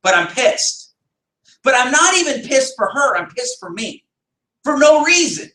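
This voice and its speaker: A man with a very high, bright and forceful voice leads a team meeting in an echoey room, heard from some distance away. He pushes his points hard, asks rhetorical questions and answers them himself, and now and then raises his voice. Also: big pitch swings, moderate pace. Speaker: business team leader. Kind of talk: motivational team meeting talk.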